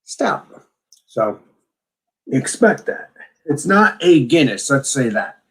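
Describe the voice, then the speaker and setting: A man's voice: mid-range voice, big pitch swings, slow, fairly bright tone. A man co-hosting a casual beer tasting chat, talking with enthusiasm and rambling restarts. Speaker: beer reviewer co-host.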